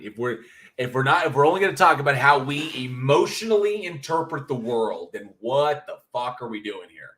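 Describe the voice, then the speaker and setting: A man hosting a livestream, reading chat comments and ranting bluntly with plenty of swearing. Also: medium pitch. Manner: blunt, profane, animated ranting. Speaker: livestream host.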